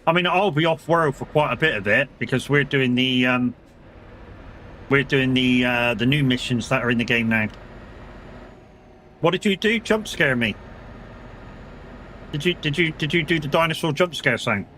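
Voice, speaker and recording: A man's voice: mid-range voice, normal speed, pauses often, fairly bright tone, slight background noise. A man streaming a game live, chatting casually, swearing freely and bantering with his chat. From United Kingdom.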